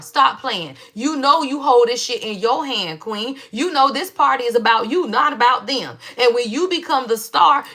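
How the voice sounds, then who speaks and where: A woman giving a casual tarot reading, animated and slangy, who keeps calling her viewers y'all. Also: on the high side. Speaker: tarot reader.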